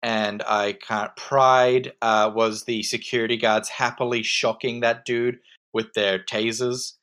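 A man's voice: medium pitch, little pitch movement, slow pace, fairly bright tone, clean tone. A man co-hosting a casual podcast, speaking hesitantly with frequent ums and restarts. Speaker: podcast co-host. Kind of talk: casual chat.

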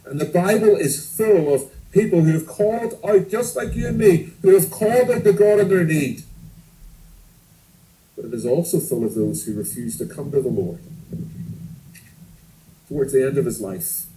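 A man's voice: on the high side, animated, moderate pace, pauses often, dark tone, poor audio. A man in his thirties preaching a sermon, telling stories and asking earnest rhetorical questions.

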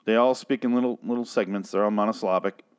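A man's voice: on the low side, fairly even intonation, fast, smooth. A man ranting sarcastically and with lots of swearing while reviewing a TV episode in casual talk. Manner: profane, exasperated, sarcastic.

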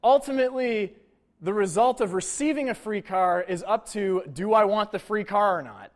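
Conversational male pastor, slightly high voice. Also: lively intonation. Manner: conversational preaching with asides and quick impressions. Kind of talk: sermon.

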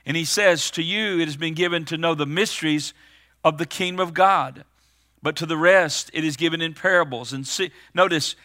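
A man's voice: a little high, sharp tone. A man preaching a sermon, reading scripture aloud and explaining it, rising to urgent, emphatic calls. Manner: builds to urgent, raised emphasis; reads scripture aloud between plain explanation.

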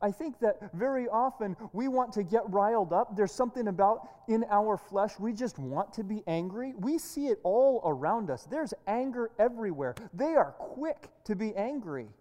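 A woman's voice: medium pitch, expressive, normal speed, hardly any pauses, warm tone. A woman pastor preaching a sermon in an earnest way, often repeating and restarting words. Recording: echoey hall reverb.

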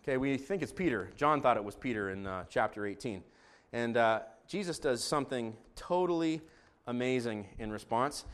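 A male pastor with a mid-range voice preaches to his congregation at normal speed, expressive and dramatic, shifting from hushed, quiet stretches to loud, shouted passages.

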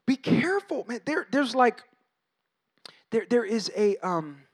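A man in his thirties with a notably high voice preaches a sermon in a loose, chatty way. He restarts phrases, jokes about home life and acts out voices as he goes. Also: a little slow. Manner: conversational, animated, acts out quoted voices. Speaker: pastor.

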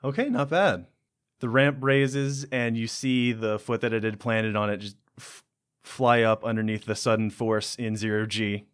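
A man's voice: fairly low pitch, fairly even intonation, clear, resonant tone. Man narrating as game master. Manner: descriptive, halting with fillers.

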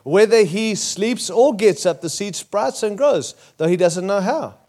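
A man's voice: sits high, animated, a little slow, a little mellow. A man with an Australian accent preaching a sermon as pastor, emphatic and building to punchy repeated phrases.

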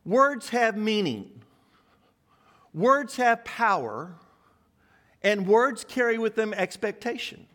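A male pastor preaching a sermon, with rhetorical questions and words dropped low for emphasis. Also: animated, takes it slowly, long pauses, a bit bright.

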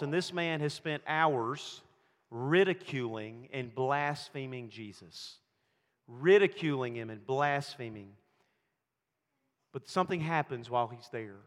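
Man preaching in a reverberant hall. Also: on the high side. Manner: preaching with swings between loud emphasis and hushed storytelling. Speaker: pastor. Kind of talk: sermon.

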